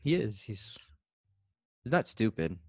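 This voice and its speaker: A man's voice: lowish voice, big pitch swings, takes it slowly, darkish tone, dry recording, clean studio sound. A man co-hosting a podcast in casual chat, laid-back, swearing freely and trailing off with laughs. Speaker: podcast co-host.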